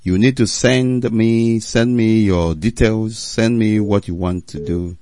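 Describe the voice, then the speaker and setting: Low-voiced radio call-in host, firm. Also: male voice, fairly even intonation, takes it slowly, mellow, dry recording. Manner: firm, insistent, repeats prompts to callers. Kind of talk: radio call-in show hosting.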